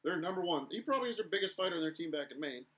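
A young man co-hosting a casual podcast chat, telling stories in an animated way and acting out the shouting. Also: sits high, rapid-fire. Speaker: podcast co-host.

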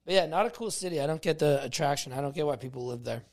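A man with a somewhat high voice co-hosting a podcast. He talks bluntly and casually. He swears freely. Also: very fast. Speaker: podcast co-host. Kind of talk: casual chat.

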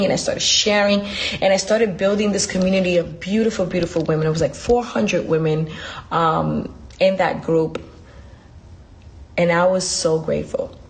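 A woman hosting a podcast, giving an emphatic, preachy motivational talk full of repetition, speaking from her desk. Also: lowish voice. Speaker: podcast host.

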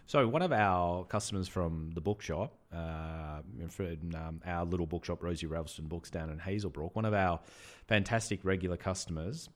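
An Australian man with a very low, deep voice chats casually about books as a podcast co-host. He talks in a relaxed way, hesitating often and filling gaps with ums. His speech is unhurried and conversational. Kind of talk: casual book chat.

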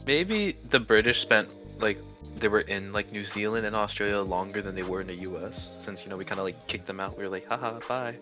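A man's voice: fairly low pitch, fairly quick, over music. A young man co-hosting a podcast over a voice call, rambling casually with lots of "like", his voice dull and lo-fi. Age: young adult. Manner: rambling, fills with "like". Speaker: podcast co-host. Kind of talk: casual chat. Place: home, on a voice call. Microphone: computer mic over a voice call.

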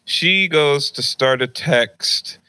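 A young man on a podcast, casually telling a funny personal story and acting out high-pitched voices of his mom and grandma. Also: slow, bright, forceful tone, clear, resonant tone, dry recording, low-quality recording. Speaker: podcast host.

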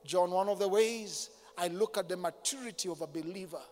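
High-voiced preaching man in a hall. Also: brisk. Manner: impassioned preaching, swings from loud declarations to hushed intensity; calls on the congregation to respond. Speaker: pastor. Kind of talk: sermon. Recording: long hall reverb with faint music behind.

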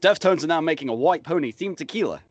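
A man's voice: a little high, expressive, fast, muffled recording. A man hosting a casual podcast chat and delivering news, blunt and wry, with plenty of swearing. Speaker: podcast host presenting the news.

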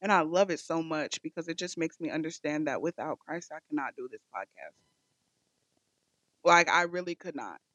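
A woman's voice: deep voice, normal speed, fairly bright tone, no echo, low-quality recording. A woman hosting a devotional podcast, speaking in a fervent, repetitive prayer cadence. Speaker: podcast host.

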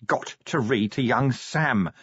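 A man doing a battered middle-aged watch commander lost in delirium, droning slow childlike phrases. His husky voice leaps high into anguished cries. It sounds dull and dry, like an audiobook recording. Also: big pitch swings, fairly bright tone, no room sound, heavily acted. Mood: dazed. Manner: dazed, childlike chanting, rising to anguished wails.

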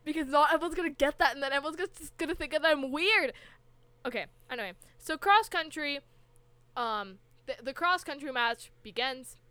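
A woman's voice: high-pitched, fairly quick, bright, forceful tone, dry recording. A young woman co-hosting a podcast, recapping an episode in a rambling, casual way full of fillers and asides. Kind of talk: casual chat.

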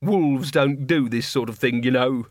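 A man voicing a huge male werewolf who speaks evenly and deliberately, with quiet menace. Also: medium pitch, no room sound, studio quality, close to an everyday voice. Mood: menacing calm. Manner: even, deliberate threats.

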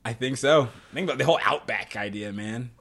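A man co-hosting a podcast in casual chat, playful and quick to laugh. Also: medium pitch, a bit bright, slightly rough. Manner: playful, laughs often, jumps into bits. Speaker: podcast co-host.

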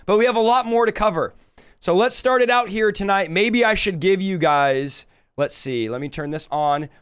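A man hosting a revival podcast, teaching through a Bible book in a casual, energetic and playful way. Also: sits high, normal speed, smooth.

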